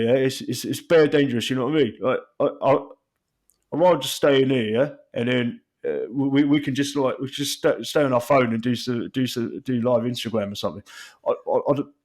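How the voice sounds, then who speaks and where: A man's voice: mid-range voice, brisk, a little mellow, close to an everyday voice. A man voicing a cocky London footballer-pundit figure who pads every sentence with "yeah?" and "bruv". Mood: pleading. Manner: repeats "yeah?" and "bruv" tags.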